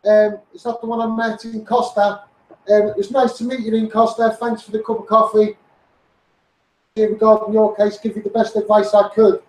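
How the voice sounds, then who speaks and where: A man's voice: high voice, little pitch movement, normal speed, darkish tone, echoey room, distant mic, low-quality recording. A man with a mixed Scouse and Essex accent, ranting passionately on a live stream, greeting his viewers by name and repeating himself. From England. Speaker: campaigner live-streaming to followers. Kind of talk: impassioned live-stream rant.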